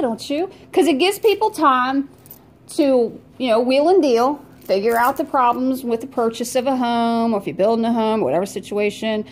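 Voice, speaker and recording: A woman's voice: fairly high pitch, darkish tone. A woman hosting a podcast, chatting casually to her listeners with jokes and rhetorical questions. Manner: chatty, joking, rhetorical asides to the audience. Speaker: podcast host.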